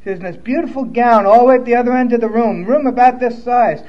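A high-pitched man recounts his own story in a blunt, profane way that turns emotional. The recording is a little dull and lo-fi, like a modest room capture. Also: fast. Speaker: speaker sharing his recovery story. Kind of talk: personal testimony storytelling.

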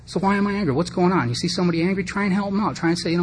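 Speaking rapid-fire in a high voice, a middle-aged man shares his recovery story with a group in a meeting room, candid and self-deprecating, chatting with many asides. There's slight background noise.

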